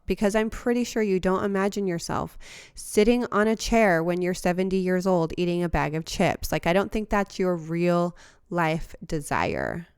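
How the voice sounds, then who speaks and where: A woman hosting a podcast who talks in an earnest, heartfelt, reflective monologue and sometimes laughs softly or restarts a phrase. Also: on the low side, clear, resonant tone, no room sound, clean studio sound. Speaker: podcast host.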